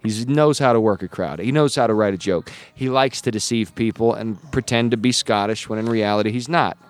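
A man's voice: fairly low pitch, fairly quick, no echo. A male comedian from the United States, telling stories in a casual interview and acting out the voices of people he quotes. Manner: lively storyteller who acts out quoted voices. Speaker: comedian guest. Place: comedy club showroom.

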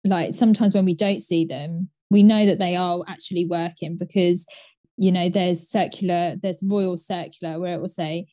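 A woman co-hosting a casual chat, relaxed and newsy with frequent fillers. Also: lowish voice, normal speed, dry recording. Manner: relaxed, newsy, many "um" and "obviously". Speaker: co-host.

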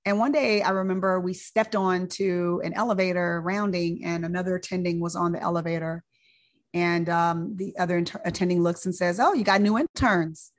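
Low-voiced woman telling a personal story. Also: flat delivery, fairly quick. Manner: conversational, repeats words, fillers.

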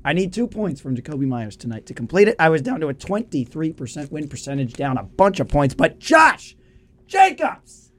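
A young man hosting a college sports radio show, hoarse from losing his voice, excitable and jokey in casual chat. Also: on the high side, quick pace, hardly any pauses. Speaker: sports talk radio host.

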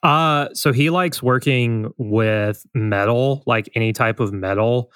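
A man's voice: mid-range voice, takes it slowly, clear, resonant tone, no room sound. Teasing man with a dry, close sound. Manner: teasing, laughs loudly, hesitant fillers. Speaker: podcast co-host and player. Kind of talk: casual podcast chat.

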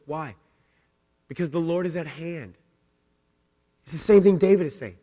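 A middle-aged male pastor preaching from the pulpit, his voice pitched on the high side. He drops to a hushed, intimate tone for personal stories and then climbs into loud, emphatic exhortation, asking the congregation questions along the way. The sound carries a long reverb from a large church sanctuary. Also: moderate pace, long pauses. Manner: swings from quiet storytelling to rising, emphatic preaching; asks the congregation direct questions. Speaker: senior pastor. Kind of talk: sermon.

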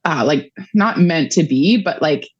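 Low-pitched woman, 30s, rambly chatty storytelling, lots of ums, dry dull sound. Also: expressive, unhurried, slightly rough, dry recording. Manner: rambling, emotional storytelling with many fillers. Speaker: guest, mother of a child patient. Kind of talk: conversational interview.

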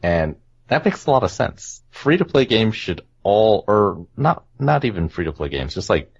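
A man's voice: fairly low pitch, big pitch swings, moderate pace, creaky, slightly rough. A man hosting a casual gaming podcast, rambling and laughing often. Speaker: podcast host. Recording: dull lo-fi podcast audio.

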